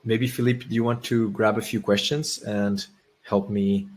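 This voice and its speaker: A man hosting a live webinar, talking casually and haltingly with many restarts while he demonstrates software on screen. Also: fairly low pitch, fairly even intonation, slight background noise. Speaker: webinar host.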